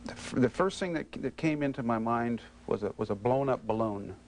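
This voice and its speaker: Halting, stammering man voicing anger. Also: mid-range voice, a little mellow, slight background noise, rough recording. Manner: hesitant, stammering restarts, simmering anger. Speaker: client in a counseling interview. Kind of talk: halting emotional disclosure.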